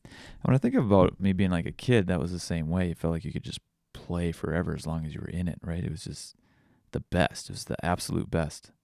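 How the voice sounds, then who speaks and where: A man in his thirties talks through a reflective podcast monologue, candid and rambling, often restarting his sentences. His voice sits very low with a gravelly fry, and the recording is dry and close. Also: brisk, a little mellow, no room sound. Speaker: podcast host.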